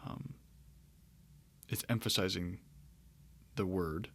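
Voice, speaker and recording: Male lecturer: low and gravelly, relaxed and musing, dry close recording. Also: slow, dry recording. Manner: relaxed, thinking aloud with fillers and restarts. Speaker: Greek teacher.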